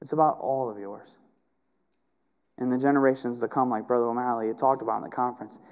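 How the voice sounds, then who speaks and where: A middle-aged man preaching a sermon with passion, rising to loud emphatic peaks and dropping to quiet, intimate stretches. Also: mid-range voice, steady tone, fast talker, clean tone. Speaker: pastor.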